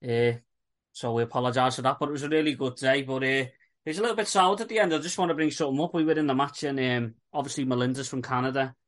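A man hosts a casual football podcast, talking bluntly and swearing freely. His voice sits at an ordinary middle pitch. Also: fairly even intonation, quick pace. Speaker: podcast host.

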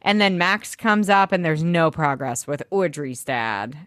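A woman's voice: deep voice, animated, a little slow, fairly bright tone, no echo, clean studio sound. A woman co-hosting a podcast, chatting casually and swearing freely as she recaps a TV episode. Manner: chatty, swears freely, acts out characters' lines. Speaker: podcast co-host.

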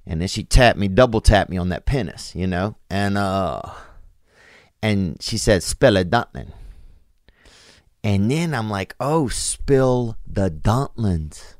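A man hosting a show, telling a story in a meandering, halting way full of fillers and restarts. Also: lowish voice, animated, dry recording, studio quality. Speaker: podcast host. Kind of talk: rambling comic monologue.

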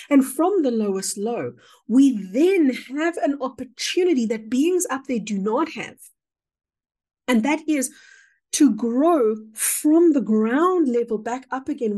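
A woman with a fairly high voice talks as a podcast guest. Her delivery is earnest and expressive, and her pace speeds up and slows down as she makes her points. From South Africa. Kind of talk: spiritual conversation.

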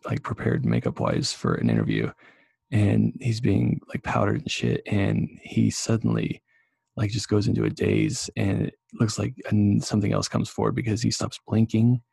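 A man with a raspy voice chatting casually on a video call, excitable and swearing freely. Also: lowish voice, normal speed, no room sound. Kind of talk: casual podcast chat.

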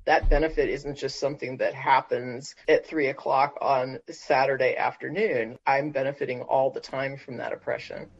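A man's voice: mid-range voice, fairly even intonation, moderate pace, creaky, hardly any pauses. A man hosting a panel discussion, speaking in an earnest, explanatory way. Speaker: host. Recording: dull lo-fi audio.

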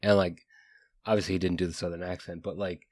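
A man's voice: low-pitched, flat delivery, fast talker, dry recording, clean studio sound. A man co-hosting a casual book discussion, rambling with many fillers and restarts. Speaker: podcast co-host.

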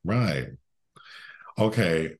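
Low-voiced man joking through casual film chat. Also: expressive, extremely slow. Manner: joking, laughs often, many "like" fillers. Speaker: podcast co-host.

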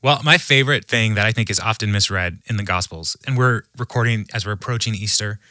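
Animated, laughing man, bright tone. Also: on the low side, quick pace, no room sound, clean studio sound. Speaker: podcast guest, humor researcher. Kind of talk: conversational storytelling.

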